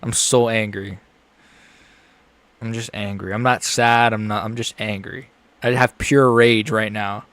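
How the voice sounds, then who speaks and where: A young man reacting live to a fight he is watching, frustrated and ranting, dropping to mutters and rising to yells. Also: on the low side, steady tone, measured pace, long pauses, no echo. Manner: frustrated, swings between muttering and yelling.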